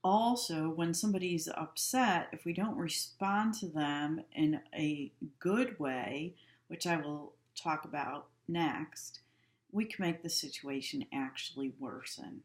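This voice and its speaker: A woman giving a practical instructional lecture on handling upset patients, calm and practical in manner. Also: sits low, slow. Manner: calm, practical, acts out example dialogues. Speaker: healthcare instructor. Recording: echoey room.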